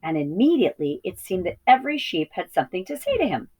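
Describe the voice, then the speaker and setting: A woman with a low voice reads a children's novel aloud, teacher-style, at a steady pace. She now and then stumbles on a word and corrects herself. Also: quick pace, breathy edge, rough recording. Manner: steady reading with small slips and self-corrections. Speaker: reading teacher. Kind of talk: storybook read-aloud.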